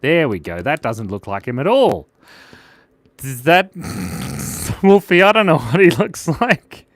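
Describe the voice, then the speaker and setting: A young man chats his way through a live drawing stream, laughing at his own sketches. His pitch swings widely and animatedly, and the sound is close and dry with no room echo. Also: huge pitch swings, slow pace. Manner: playful, giggly, chatty, reads out viewer comments. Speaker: drawing livestream host. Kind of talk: casual live drawing chat.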